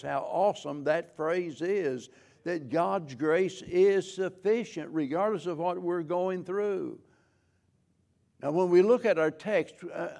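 A man preaching a sermon as pastor, slow and measured, with frequent restarts. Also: fairly high pitch, gravelly, a little mellow.

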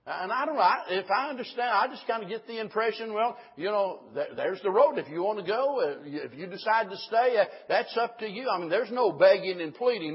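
Husky high-voiced preacher, dull recording. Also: male voice, lively intonation, a little fast, hardly any pauses. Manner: rising to fervent, emphatic preaching. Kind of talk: sermon.

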